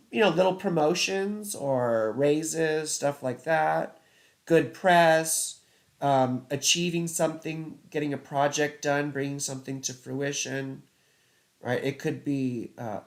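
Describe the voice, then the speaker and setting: A man hosting a casual live-stream of astrology chart readings, chatty and rambling, filling his talk with "you know" and "right". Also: fairly high pitch. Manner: reads viewer comments aloud and laughs at own slips. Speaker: astrologer host.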